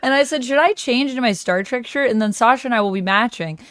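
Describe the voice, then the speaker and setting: Woman, host, casual chat, enthusiastic, smooth clear voice, dry sound. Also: on the high side, fast, fairly bright tone, no room sound. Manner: chatty and enthusiastic.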